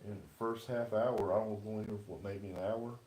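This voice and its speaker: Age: adult. Sex: man. Role: paranormal livestream host. Style: casual ghost hunt, insistent questions to a spirit. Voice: dark, mellow. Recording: echoey room inside a house. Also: lowish voice, steady tone, brisk.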